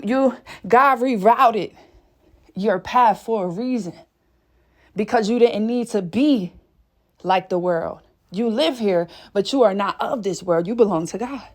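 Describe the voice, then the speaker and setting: A woman's voice: fairly high pitch, a little mellow. A woman giving a fervent spiritual reading, out of breath, swearing casually and exclaiming often. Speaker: spiritual reader.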